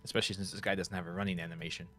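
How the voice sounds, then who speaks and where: A man's voice: low voice, little pitch movement, very fast, bright, forceful tone, faint music behind. A man giving rambling let's play commentary with many fillers. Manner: rambling, filler-heavy, chuckling. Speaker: gaming youtuber.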